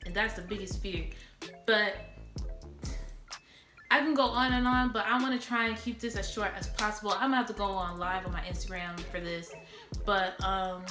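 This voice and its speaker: A woman's voice: medium pitch, steady tone, normal speed, long pauses. Blunt woman vlogger in an echoey room. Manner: blunt, talks straight to viewers. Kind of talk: impassioned direct-to-camera rant. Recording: echoey room with background music.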